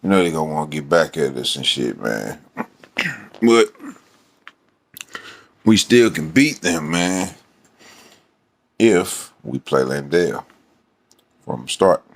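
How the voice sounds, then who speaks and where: A man's voice: rumbling low, sing-song, takes it slowly, vocal fry, pauses often. A man ranting casually about his team, rambling and profane, with many fillers. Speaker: sports fan vlogger. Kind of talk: casual fan rant.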